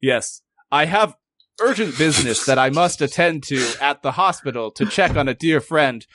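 A man's voice: on the high side, animated, normal speed, a bit bright, no echo. A man voicing a pompous male adventurer in an improvised tabletop game, mock-formal and self-important. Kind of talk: improvised tabletop role-play.

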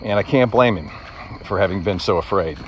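A man's voice: low-pitched, a little fast, highs cut off, slight background noise. A middle-aged man telling a personal story in an earnest, reflective way, slightly choked up.

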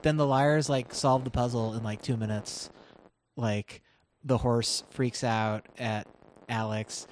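A man's voice: mid-range voice, steady tone, slow, a little hiss or hum. A man co-hosting a podcast, chatting casually with many fillers while recapping a TV episode. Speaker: podcast co-host.

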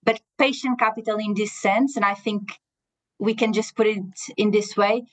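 A woman, an impact investor, explaining her view in a podcast discussion, thoughtful with frequent pauses. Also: medium pitch, poor audio. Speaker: impact investor, panel guest.

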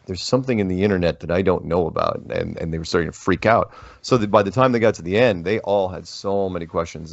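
Low voiced guy rambling thru stories in an interview, dry muffled sound. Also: vocal fry, dry recording. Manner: rambling, animated storytelling with restarts. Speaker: interview guest. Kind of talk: casual interview talk. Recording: dull lo-fi dry audio.

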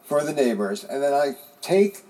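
A man's voice: a little high, very animated, moderate pace, dark tone. A middle-aged man co-hosting a podcast, telling a long casual story with rambling restarts and the odd curse. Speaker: podcast co-host. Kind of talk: casual chat.

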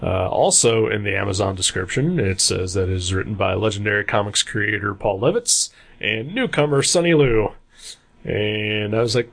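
A man's voice: on the low side, animated, normal speed, vocal fry. A man co-hosting a casual comics podcast, talking in a rambling, hesitant way with many fillers. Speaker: podcast co-host.

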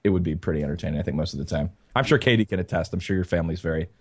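A man with a fairly low voice, talking casually on a podcast. He rambles through a story with lots of "like" and "you know", stopping and restarting as he goes. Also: rapid-fire. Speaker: podcast co-host. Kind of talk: casual chat.

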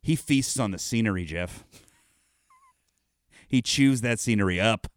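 A man's voice: on the low side, a little slow, no echo. A man in his thirties co-hosting a casual chat, joking, laughing often and swearing. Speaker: podcast co-host.

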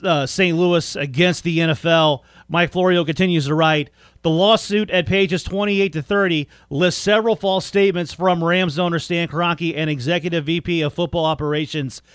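A man's voice: fairly high pitch, fairly even intonation, moderate pace, fairly bright tone, dry recording, studio quality. A man hosting a sports radio talk show, chatting with callers in an upbeat way. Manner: upbeat, reads phone numbers and articles on air.

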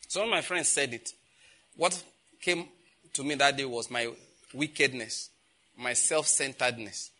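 This man, in his fifties with a Nigerian accent, has a mid-range voice and preaches through lively personal anecdotes. Acting out exchanges between people, he grows loud and forceful.

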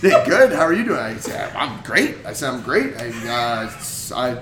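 A man's voice: normal speed, reverberant, heavy background noise. A young man from Canada telling a story in a casual chat, acting out the other person's lines with big swings in his voice. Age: young adult. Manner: animated, acts out quotes with big jumps in pitch. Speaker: college hockey player guest.

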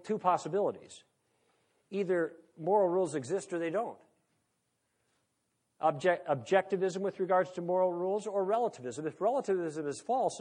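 A man lecturing to an audience in a conversational, humorous way, full of rhetorical questions. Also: sits high. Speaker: speaker on moral philosophy.

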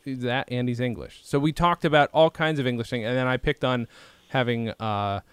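A man hosting a podcast, telling rambling stories in casual chat, swearing freely and slipping into quick impressions. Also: medium pitch, fairly even intonation, clean tone, dry recording. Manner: rambling storytelling with profanity and impressions. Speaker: podcast host.

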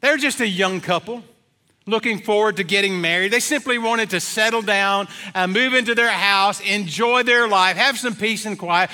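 A middle-aged man preaching from the pulpit of a church, with a high, bright voice. He tells homey stories and jokes in an easy, rambling way, full of "uh"s, and speaks into a stage mic. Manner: folksy storytelling with many fillers. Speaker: pastor. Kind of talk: sermon. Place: church sanctuary.

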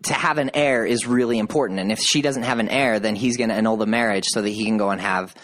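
Animated man recapping a drama. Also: fast. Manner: animated storyteller, voices quotes with rising pitch. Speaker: podcast co-host. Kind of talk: casual chat, recapping a TV drama.

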